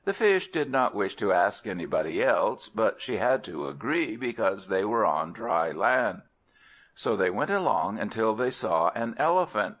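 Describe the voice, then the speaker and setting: A man reads a folk tale aloud in a slow, measured storybook style. His low voice has a lively, expressive rise and fall. The recording is dull and lo-fi. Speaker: audiobook narrator. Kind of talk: storybook narration.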